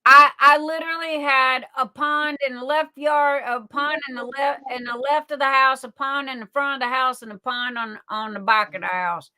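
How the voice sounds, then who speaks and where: A woman's voice: sits high, fairly even intonation, moderate pace, hardly any pauses, pushed and bright, no echo, rough recording. A woman telling folksy stories in casual livestream chat, often repeating and restarting words. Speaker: livestream guest.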